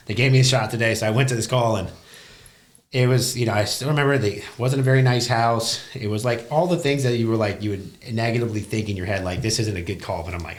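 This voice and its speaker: Speaking quickly in a voice on the low side, a young business owner gives a casual interview. He tells his career story in a blunt, profane and animated way.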